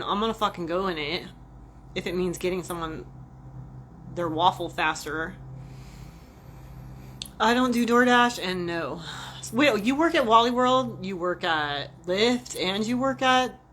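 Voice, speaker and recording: A woman vlogger rants casually and profanely about jobs in a mid-range voice. She tells stories in an animated, self-mocking way. There is faint background hiss. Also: medium pitch, a little slow, pauses often. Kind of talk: casual rant to camera.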